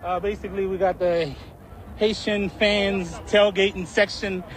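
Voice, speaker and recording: A man's voice: sits high, measured pace, rough recording. A man, a football fan, talking casually and proudly about his group's tailgate outdoors. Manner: lively, proud, casual slangy talk. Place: outdoor stadium car park.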